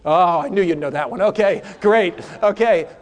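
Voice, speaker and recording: A man's voice: high voice, normal speed. A man, a pastor, teaching a sermon class and asking the audience questions. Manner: animated, asks the audience questions. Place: hall with a live audience.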